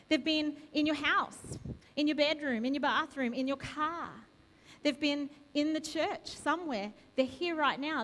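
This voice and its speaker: A woman's voice: high voice, a bit bright. A woman preaching a sermon in a church, asking the congregation a string of repeated questions. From Australia. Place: church sanctuary. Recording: long reverb of a church hall.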